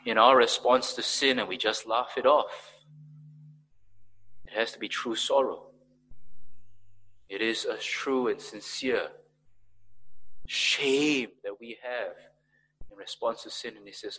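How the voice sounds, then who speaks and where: A man preaching a sermon as pastor, swinging between emphatic raised peaks and quiet, low passages. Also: takes it slowly, pauses often, breathy edge, rough recording.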